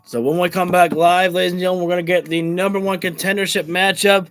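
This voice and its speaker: A man with a high voice hosts a casual wrestling reaction stream, rambling and restarting his sentences as he laughs at himself. He talks close to the mic in a dry, dead-sounding room. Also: little pitch movement, fast, few pauses, a bit bright, no room sound, soft background music. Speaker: wrestling livestream host. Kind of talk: casual live reaction commentary.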